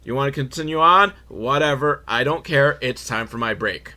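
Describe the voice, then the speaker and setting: A man voicing a bored, minimum-wage female store clerk in a flat, indifferent drawl. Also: medium pitch, normal speed.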